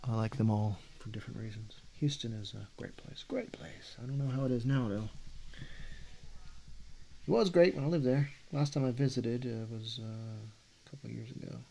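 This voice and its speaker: A man's voice: medium pitch, normal speed, vocal fry, dark tone, a little hiss or hum. A man in his forties from Texas with a Texas accent, talking casually in a meandering, self-correcting way on a vlog. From Texas, USA. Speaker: artist vlogger.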